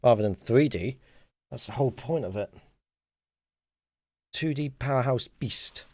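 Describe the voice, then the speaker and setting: A man hosting a casual gaming livestream, chatty and quick to laugh. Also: husky, no room sound, studio quality. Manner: chatty, laughs often, lively pitch. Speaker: livestream host. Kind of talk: casual gaming stream chat.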